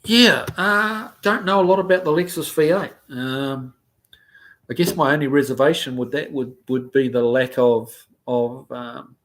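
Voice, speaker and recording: A man with a New Zealand accent, living in the United States, hosts a casual livestream and reads viewer comments aloud. His voice is medium-pitched, unhurried and a little bright, and he rambles easily with lots of ums and uhs.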